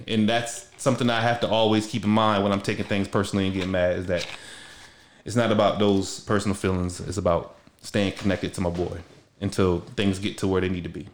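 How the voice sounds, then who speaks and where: A man's voice: lowish voice, roomy sound. A young man hosting a show, talking in a loose, slangy, rambling way with many restarts. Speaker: podcast host. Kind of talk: casual heartfelt conversation.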